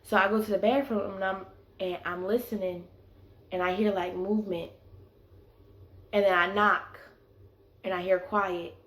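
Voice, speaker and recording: Medium-pitched and moderately paced, this young vlogger leaves long pauses as she tells her story. She's animated and slangy, filling her speech with "like"s and other fillers, in an echoey room.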